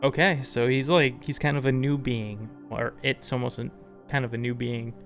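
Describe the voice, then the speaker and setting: A host of a casual streamed question-and-answer show, chatty and relaxed, laughing easily while reading out audience questions. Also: mid-range voice, normal speed, soft background music.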